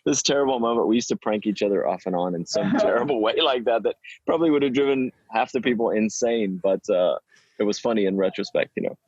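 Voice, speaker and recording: A man's voice: on the low side, fast talker, a little mellow, slightly rough, no echo, highs cut off. A man, a game developer, telling a candid, casual interview story, swearing freely. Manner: candid, swears, laughs at himself.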